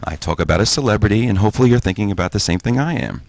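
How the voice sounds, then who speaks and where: A man's voice: fairly low pitch, very fast, gravelly, no echo. A man in his forties doing a stand-up comedy set on stage, with punchy, self-mocking delivery. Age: 40s. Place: stage before a live audience.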